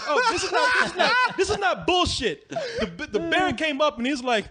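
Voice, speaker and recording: A man's voice: very high-pitched, big pitch swings, a little fast, hardly any pauses. A man with a Texan accent telling a funny story in a casual podcast chat, laughing often. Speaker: podcast co-host.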